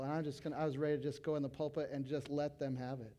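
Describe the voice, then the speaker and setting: A middle-aged male pastor preaching to fellow pastors, animated, breaking into loud acted quotes. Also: on the high side, fast talker. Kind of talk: sermon to pastors.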